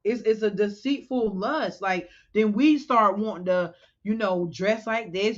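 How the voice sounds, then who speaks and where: A woman's voice: mid-range voice, fairly even intonation, measured pace, fairly bright tone, dull audio. A woman giving an informal sermon to the women of her congregation, talking casually and stopping now and then to check a scripture reference. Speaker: women's teacher in a religious congregation.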